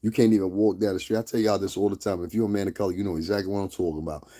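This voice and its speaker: Livestream host, male, deep dark voice, profane and fired-up ranter. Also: fairly even intonation, racing. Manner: blunt, heated, profane, repeats "you understand what I'm saying".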